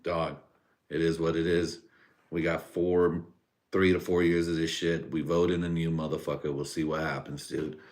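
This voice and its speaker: A man's voice: very deep voice, level tone, normal speed, a little mellow. A man from Central California hosting a live stream, rambling through a profane casual rant with crude jokes and frequent laughter.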